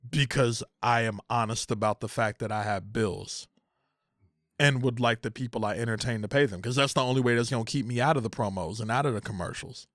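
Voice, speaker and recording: Young man, content creator, venting hard and cursing, dry close mic, mid pitch. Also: a little fast, dry recording. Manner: heated, profane, repeats phrases, rising to near shouting. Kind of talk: emotional casual rant.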